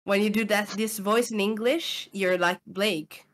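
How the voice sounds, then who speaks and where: A woman's voice: mid-range voice, steady tone, measured pace. A woman with an Italian accent, a voice actor guest who talks casually and searches for her words. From Italy. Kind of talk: casual podcast chat.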